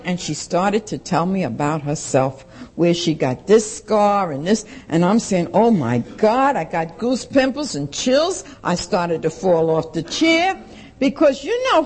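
A woman, giving a blunt, plain-spoken personal testimony at a recovery meeting and acting out the voices of the people in her story. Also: medium pitch. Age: 60s.

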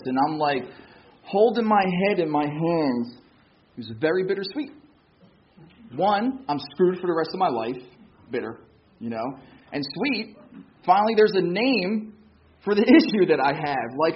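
A man with a fairly high voice shares his recovery story in a frank, self-mocking testimony. He slips into the voices of the people he quotes. The recording is dull and lo-fi, with a faint hiss behind it. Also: expressive, normal speed. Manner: candid and self-mocking, acting out others' quoted words. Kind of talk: personal testimony talk.

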